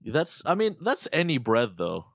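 An American man co-hosting a casual chat, brash and profane, ranting with animated energy. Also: mid-range voice, a little slow, vocal fry, dry recording, studio quality. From United States.

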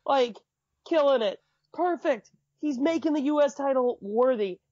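A man's voice: very high-pitched, animated, a little slow, a little mellow, no echo, muffled recording. A man co-hosting a podcast in casual chat, sarcastic and prone to ranting. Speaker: podcast co-host. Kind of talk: casual wrestling review chat.

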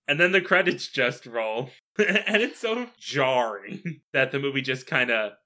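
Podcast co-host riffing on a movie, bright sound, dry little jokes. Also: mid-range voice, expressive, a little slow. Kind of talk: casual film review chat.

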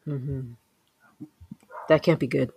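A woman's voice: a bass voice, steady tone, slow, vocal fry, dark tone, slightly rough. A woman playing in a tabletop game, playful and hesitant, with swooping fillers. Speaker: player. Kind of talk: casual tabletop game play.

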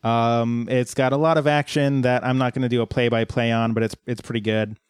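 A man recaps a show episode on a podcast in an easy, conversational way. His voice sits in a middling range and sounds close and dry, with no room echo. He tells the story at a steady, laid-back pace. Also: mid-range voice, a little fast, smooth. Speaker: podcast co-host. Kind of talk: casual episode recap chat.

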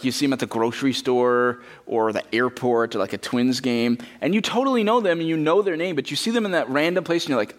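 A man preaching a sermon in a church, talking casually and acting out quotes in character. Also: mid-range voice. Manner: conversational, animated, acts out quotes in character. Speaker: pastor.

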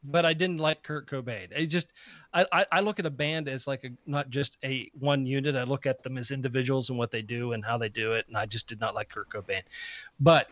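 A man's voice: medium pitch, steady tone, brisk, a bit bright, no echo. A man in his fifties, a podcast co-host, telling stories in a blunt, profane way. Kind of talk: casual chat, storytelling. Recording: slightly muffled podcast audio.

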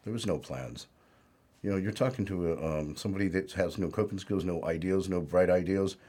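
Deep husky man telling his story. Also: steady tone, a little fast, mellow. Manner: plainspoken, rambling, with many "you know"s. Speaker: interview guest. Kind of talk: candid life-story interview.

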